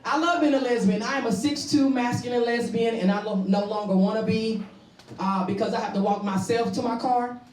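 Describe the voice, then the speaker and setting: A woman doing a bawdy stand-up comedy set on stage, with loud punchlines. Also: fairly high pitch, brisk. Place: stage before a live audience. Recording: roomy, distant mic with crowd laughter. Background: audience laughing.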